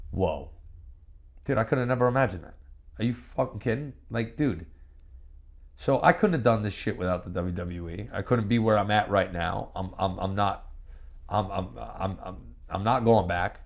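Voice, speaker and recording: A former pro wrestler being interviewed, talking in a brash, profane and boastful way and telling animated stories with bursts of repeated words. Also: male voice, low-pitched. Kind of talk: candid shoot interview.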